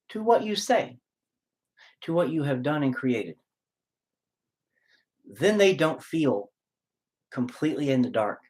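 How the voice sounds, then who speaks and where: A man who is a musician and lyricist, talking in a rambling, candid personal monologue and swearing freely. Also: a little high.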